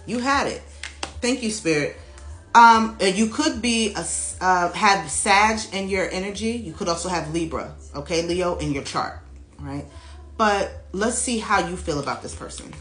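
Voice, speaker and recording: A woman reading tarot cards for her viewers in a casual, animated, chatty way, laughing often and speaking straight to them. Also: fairly low pitch, a little slow. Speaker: tarot reader. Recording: echoey room with faint music behind.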